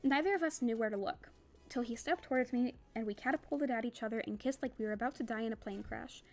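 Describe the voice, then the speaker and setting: Young woman reader, slightly high voice, plain novel reading with casual asides. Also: fast talker, soft background music. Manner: reads plainly, breaks off for chatty, laughing asides.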